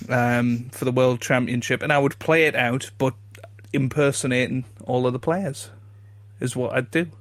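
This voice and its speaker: Male co-host, mid-pitch, giggly and self-deprecating, stumbling restarts; dry close mic. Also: steady tone, normal speed, a bit bright, no room sound. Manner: self-deprecating, laughs often, stammering restarts. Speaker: podcast co-host. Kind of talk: casual comedy chat.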